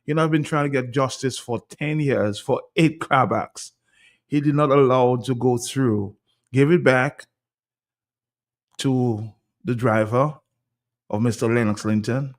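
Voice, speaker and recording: A man's voice: mid-range voice, measured pace. Male radio host. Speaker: radio talk show host. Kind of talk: call-in show hosting.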